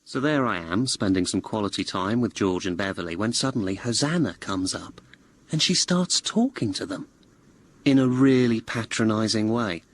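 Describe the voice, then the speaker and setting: An actor playing a glum, snail-obsessed young graduate who narrates a radio comedy in a wry, deadpan way. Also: male voice, fairly low pitch, moderate pace. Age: young adult. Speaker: narrator and lead.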